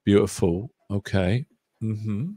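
A man's voice: on the low side, slow pace, mellow, breathy edge, no echo. Chatty man live-coding, dry close sound. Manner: chatty, jokey, thinking aloud while typing. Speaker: host of a live coding stream. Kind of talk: casual live-coding chat.

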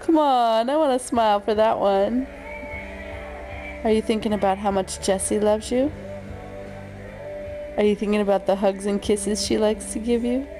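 A young mother talking softly to her sick son, coaxing him with gentle, sing-song questions. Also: mid-range voice. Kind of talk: tender talk to a sick child.

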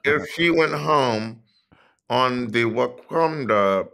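A man co-hosting a podcast, chatting casually, teasing his co-host and telling stories with drawn-out phrasing. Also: mid-range voice, creaky, fairly bright tone. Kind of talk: casual banter.

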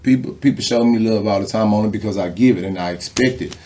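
A man and former football player, a guest telling animated stories in a casual interview with lots of slang and swearing. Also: fairly low pitch, fast.

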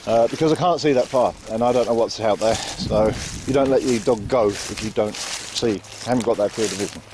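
Calm man walking dogs outdoors. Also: fairly low pitch, a little fast, background noise. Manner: calm, repetitive, calls out to the dog. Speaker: dog trainer. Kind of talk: casual walking commentary. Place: outdoors in fields.

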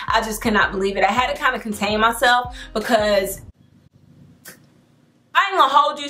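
A young adult woman hosting a home decor vlog, telling a story to camera in an excited, chatty, slangy way. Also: a little high. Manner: excited, chatty and slangy, addresses viewers as y'all.

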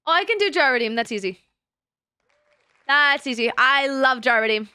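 A woman's voice: sits high, expressive, moderate pace, pushed and bright, clear, resonant tone, no echo, some chatter behind. A young woman streamer chatting casually with her chat, crude and teasing, laughing often. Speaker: VTuber streamer.

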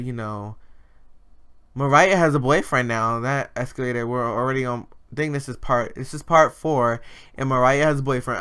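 Bright-voiced sassy gaming commentator. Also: male voice, mid-range voice. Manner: animated, sassy, voicing characters' thoughts with mock swearing. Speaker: let's play host. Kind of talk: casual gameplay commentary. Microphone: desk USB microphone.

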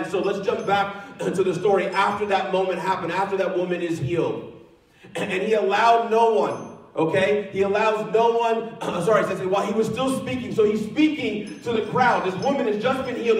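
Pastor, male, high-pitched, earnest sermon delivery with restarts, recorded from a distance in a very echoey church hall. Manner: earnest preaching with repeated phrases and restarts. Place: church sanctuary.

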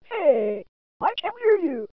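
A woman's voice: high-pitched, sing-song, takes it slowly, full character voice. A woman voicing a cheerful young male fox sidekick. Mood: defensive. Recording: dry, dull lo-fi home recording.

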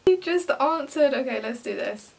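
A woman's voice: sits high, animated, normal speed, creaky, distant mic. A young woman vlogging casually to camera, giggling and bursting into laughter often. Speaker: beauty vlogger.

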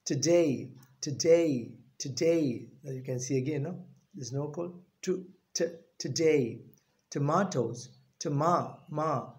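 A man with a Sri Lankan English accent teaching a pronunciation lesson, repeating each word slowly and deliberately. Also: fairly high pitch, darkish tone.

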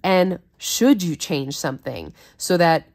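A woman's voice: fairly low pitch, animated, slow pace, a little mellow. A woman who hosts a Bible study, reading scripture aloud and explaining it in an earnest, conversational way.

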